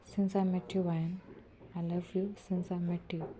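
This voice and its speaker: A woman voicing a calm, teasing young man confessing his love, in a soft, flat read-aloud delivery. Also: on the low side, moderate pace, background noise, lightly acted. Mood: tender.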